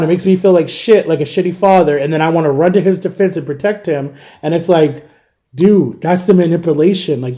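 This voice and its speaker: A father in his thirties vlogs about parenting, speaking directly to followers in a loose, rambling storytime. His voice is high yet soft and mellow, and he sounds tired and exasperated, swearing casually throughout.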